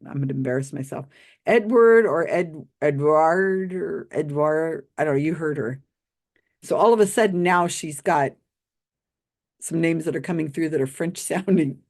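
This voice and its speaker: A woman's voice: low voice, moderate pace, darkish tone. Sarcastic woman mocking a psychic. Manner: sarcastic, mocking, with bursts of laughter. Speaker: host reviewing a psychic reading. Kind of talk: skeptical commentary.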